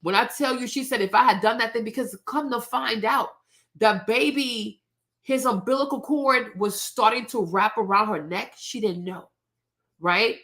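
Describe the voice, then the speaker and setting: A woman's voice: on the high side, measured pace, a bit bright. A woman hosting her own show, talking straight to her viewers in outspoken, indignant casual commentary. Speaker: host.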